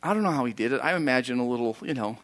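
Man, pastor, conversational sermon, folksy asides, animated up-and-down delivery. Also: mid-range voice, very fast.

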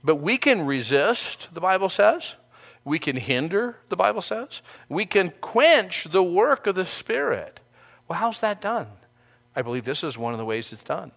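A man's voice: high voice, expressive, unhurried, vocal fry, a bit bright. A male pastor giving a sermon, speaking earnestly in a conversational way and often restarting his phrases.

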